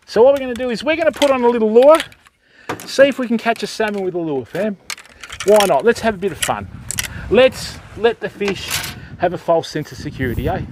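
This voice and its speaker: High-voiced Australian man chatting outdoors. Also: lively intonation, a little fast, background noise. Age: older. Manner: chatty, greets viewers by name, explains as he goes. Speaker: fishing livestream host. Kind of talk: casual livestream chat. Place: beach outdoors.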